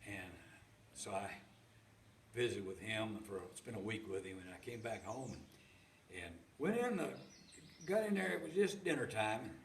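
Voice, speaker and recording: A man's voice: fairly low pitch, animated, moderate pace, creaky, long pauses, slight background noise. An older man telling a folksy story in a homespun, rambling way, often repeating his words. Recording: roomy sound from a distant mic.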